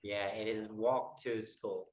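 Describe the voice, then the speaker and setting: Slow, halting male English teacher. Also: lowish voice, level tone, rough recording. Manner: halting, explains slowly with many fillers. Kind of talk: one-on-one pronunciation lesson.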